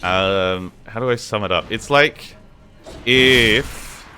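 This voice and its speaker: A man's voice: on the low side, takes it slowly, pushed and bright, slight background noise. A young man streaming a game, chatting and rambling to his viewers in a casual, swearing way, sounding tired. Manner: rambling, swears a lot, chatty asides to chat. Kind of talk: casual gaming stream chat.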